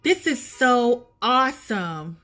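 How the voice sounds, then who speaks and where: Casual woman vlogger, high bright voice, emotional and near tears, filming outdoors. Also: sing-song, slow, soft background music. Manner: gushing, emotional, close to tears. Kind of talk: casual vlog. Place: outdoors in a neighborhood street.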